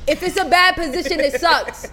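A woman co-hosting a casual podcast chat, teasing, talkative and quick to argue. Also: very high-pitched, pushed and bright. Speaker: podcast co-host.

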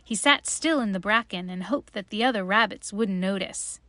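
A woman reads a children's storybook aloud, gentle and unhurried. Her voice sits at an ordinary pitch for a woman. The sound is dry and close, with no room echo.

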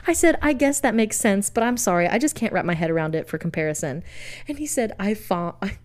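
Lively young woman retelling a bad date. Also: mid-range voice, a little fast. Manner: laughs often, reads out text messages. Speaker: podcast co-host. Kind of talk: casual chat, retelling a date story.

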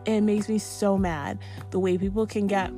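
A woman's voice: medium pitch, fairly even intonation, normal speed. Woman, heated profane vlog rant, exasperated and emphatic, faint music bed. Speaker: vlogger.

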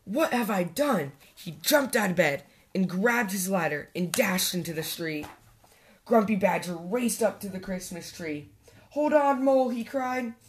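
A woman hosting a storytime channel, reading a children's picture book aloud with gentle expression. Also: lowish voice. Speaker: storytime host and reader.

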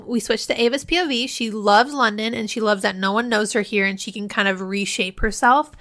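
A woman co-hosting a podcast, retelling a novel's plot in animated, casual chat with plenty of swearing. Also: mid-range voice, a little fast. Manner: animated storytelling, salty language. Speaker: podcast co-host. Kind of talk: casual book-recap chat.

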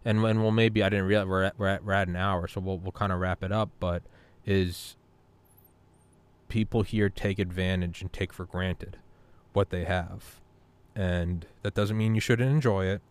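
A man in his thirties hosting a podcast, telling stories in an animated, casual way, swearing freely and repeating words. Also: sits low, moderate pace, smooth. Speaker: podcast host. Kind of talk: casual storytelling chat.

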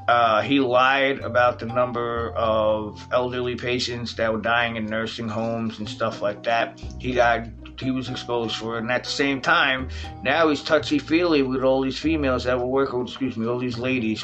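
Heated, profane male vlogger; mid-pitched, talks straight to the audience, faint music under him. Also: fairly bright tone, highs cut off. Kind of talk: casual political rant.

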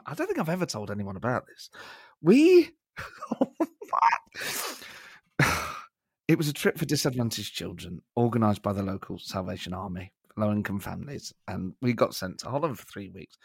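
A man's voice: on the low side, expressive, a little fast, gravelly, a bit bright, breathy edge, no echo, studio quality. A man from Nottingham, England, co-hosting a podcast in a casual chat and telling a self-mocking story. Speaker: podcast co-host.

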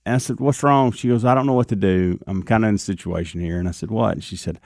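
A man's voice: lowish voice, quick pace, gravelly, darkish tone, no echo, studio quality. A man hosting a morning radio show, telling a story in casual chat with lots of restarts and hesitations. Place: radio studio.

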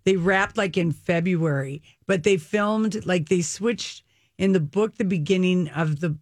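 A woman's voice: lowish voice, measured pace, a little mellow, no room sound. Woman co-host, casual and chatty, dry close mic. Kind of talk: casual chat about TV shows.

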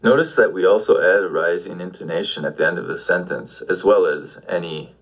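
A man's voice: low-pitched, brisk, breathy edge, low-quality recording. A man giving an audio language lesson, patiently prompting the listener with questions. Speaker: language teacher.

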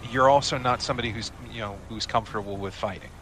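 A man's voice: fairly low pitch, quick pace, background noise. A man running a tabletop game, laying out plans in a directive way with frequent restarts. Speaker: game master. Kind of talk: tabletop role-play chat.

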